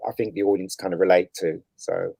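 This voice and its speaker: A man in casual conversation, relaxed and rambling, laughing often. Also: sits low, a little fast, vocal fry, breathy edge, no echo. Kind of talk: casual chat.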